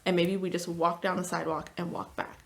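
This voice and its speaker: A woman therapist talking casually as a podcast guest, chatty, with lots of "like" fillers and lively storytelling. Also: on the low side, a little fast, vocal fry. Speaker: marriage and family therapist.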